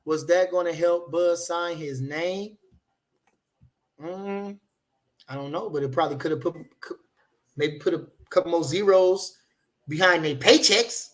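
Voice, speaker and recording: Boxing talk host: a high-voiced man, brash and profane, shouting callouts. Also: measured pace, long pauses. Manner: loud, profane trash talk. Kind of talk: live call-in boxing talk show, reading chat.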